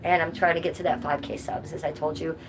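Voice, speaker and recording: Woman live streamer, slightly low voice, casual chat with viewers, noisy background. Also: flat delivery, fast. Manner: chatty, reads chat aloud and answers viewers.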